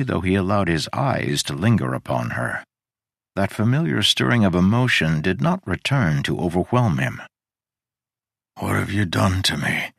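A man reads a novel aloud with steady, deliberate pacing. His voice is very deep. The recording is close and dry, with no room echo. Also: vocal fry. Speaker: audiobook narrator. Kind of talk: scripted narration.

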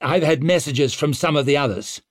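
A man's voice: on the high side, moderate pace, no room sound, studio quality, pitched above the performer's own voice, lightly acted. A man doing a jumpy older lord. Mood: uneasy. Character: older jumpy male lord, gaunt and uneasy.

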